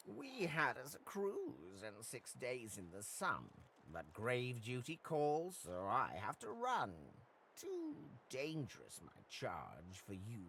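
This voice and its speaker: A man's voice: gravelly, a bit bright, a little hiss or hum, exaggerated voice. An actor voicing a proud, chatty male house cat abandoned by a wizard, with theatrical delivery in a video game. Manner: theatrical, with sweeping pitch swings. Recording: game dialogue over faint game music.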